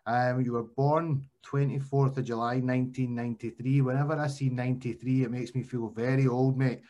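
A man's voice: medium pitch, little pitch movement, fairly quick, mellow. Chatty Glaswegian man hosting a podcast. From Scotland. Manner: chatty, repeats phrases, calls guest mate. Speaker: podcast host. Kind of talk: casual podcast interview.

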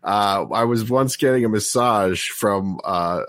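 A man co-hosting a podcast with a fairly low voice, recorded dry and close with no room sound. He chats in an easygoing way, dropping frequent "uh" fillers. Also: a little slow, no echo. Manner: relaxed, uses many "uh" fillers while plugging shows. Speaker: podcast co-host. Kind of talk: casual podcast banter.

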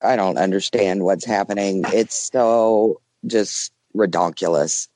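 Lower-voiced, exasperated man, blunt. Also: unhurried, a little mellow, no room sound. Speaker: podcast co-host. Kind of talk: comedic podcast banter.

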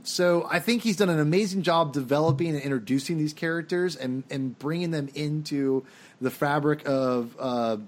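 Guy rambling about movies, slightly high voice, lots of restarts. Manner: rambling, restarts often, opinionated. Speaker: podcast co-host. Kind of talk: casual film discussion. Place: home, dog heard drinking behind him.

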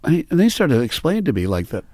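A man's voice: a little high, wildly swooping pitch, fast talker, warm tone, dry recording, clean studio sound. A man, a musician and startup founder, talking casually in a rambling way with many restarts and fillers. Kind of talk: casual conversation.

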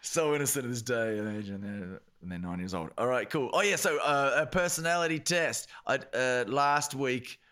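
A man co-hosting a podcast, jokey and introducing clips with quick banter. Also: mid-range voice, a bit bright. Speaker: podcast co-host. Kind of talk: casual podcast chat.

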